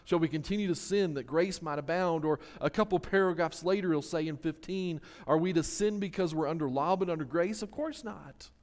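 A male pastor preaching a sermon in an earnest way, slowing down to stress key words. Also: on the high side, darkish tone. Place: church sanctuary. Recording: long reverb of a large hall.

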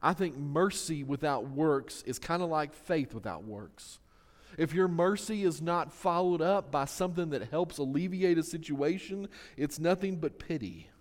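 Man, pastor, sermon, earnest, slows for emphasis, echoing church hall. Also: on the high side, expressive. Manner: earnest, slows down to stress key words. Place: church sanctuary. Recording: long reverb of a large hall.

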